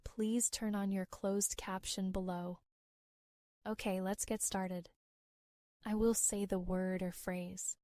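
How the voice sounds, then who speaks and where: An American woman gives an English lesson in a slow, deliberate way, repeating each phrase so learners can follow. Her voice is mellow and warm. It is recorded close on a dry mic with no room sound. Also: mid-range voice, no room sound. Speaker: English teacher.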